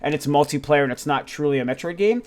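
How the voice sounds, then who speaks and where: A man hosting a casual gaming news video, sharing candid and excitable opinions with frequent fillers and some swearing. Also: fairly high pitch, quick pace.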